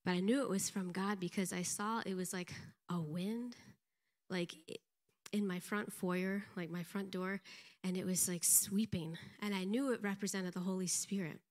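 A middle-aged woman giving an animated, self-deprecating church testimony, laughing often. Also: mid-range voice, normal speed. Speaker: pastor's wife giving a testimony.

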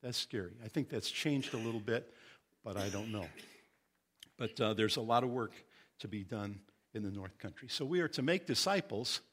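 A middle-aged man from Indiana preaching a sermon as pastor, earnest and teaching, reading scripture slowly with emphasis. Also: lowish voice, lively intonation, a bit bright, slightly rough.

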